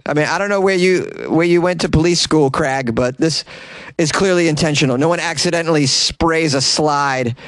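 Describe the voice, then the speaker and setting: A man's voice: fairly high pitch, normal speed, dry recording. Sarcastic comedian man riffing on news. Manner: sarcastic, animated, jumps into mocking voices. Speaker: comedian podcast host. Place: small closet.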